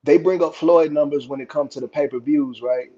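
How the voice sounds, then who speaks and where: A man's voice: a little high, a little fast, warm tone, breathy edge. A man calling into a live podcast, rambling through his points with plenty of fillers. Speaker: caller. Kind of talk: casual call-in commentary. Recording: dull lo-fi call line.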